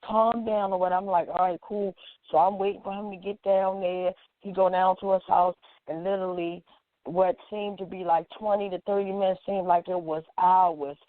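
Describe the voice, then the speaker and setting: A woman's voice: fairly low pitch, steady tone, moderate pace, no room sound. A woman activist telling an emotional personal story, acting out the dialogue as she goes. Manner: acts out quoted dialogue as she talks. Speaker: activist guest. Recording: tinny phone-like line, dry.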